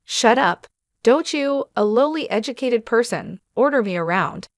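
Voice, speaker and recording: A contemptuous, loud-mouthed brother who sneers and rants in short bursts, as a woman puts him on. The voice is dry and close, with no room around it. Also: medium pitch, big pitch swings, moderate pace, no echo. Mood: shouting. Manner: scornful, shouting insults. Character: arrogant insulting adult brother, man.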